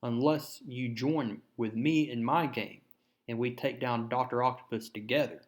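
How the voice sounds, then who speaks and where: A man's voice: medium pitch, fairly even intonation, moderate pace, close to an everyday voice. A man voicing a blunt, threatening gangster boss from a comic book, read aloud in a mostly plain voice. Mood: menacing. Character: gruff gangster boss, grown man, menacing.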